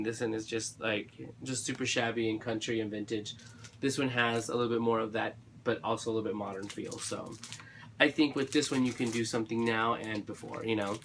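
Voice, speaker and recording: Talking to camera about his craft supplies, a male craft vlogger gushes and rambles, full of fillers and restarts, with a slightly dry throat. He has a medium-pitched, fairly bright voice, and there's a bit of hiss or hum.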